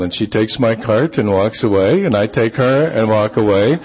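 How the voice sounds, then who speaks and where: A man with a fairly low voice tells a personal anecdote as an author addressing his readers. He speaks in an unhurried, easygoing way, pausing often with ums as he goes. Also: slightly rough. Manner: relaxed, unhurried, with frequent ums. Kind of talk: storytelling talk.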